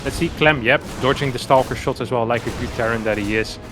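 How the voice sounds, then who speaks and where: A man casting a live esports match, chatty and swelling into excited play-by-play. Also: medium pitch, quick pace, music in the background. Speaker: esports caster.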